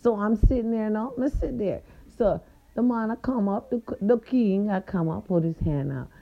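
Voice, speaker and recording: A woman hosting a podcast, telling a story in a casual, sassy way and swooping her voice up high for emphasis. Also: normal speed, creaky, lo-fi sound. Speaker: podcast host.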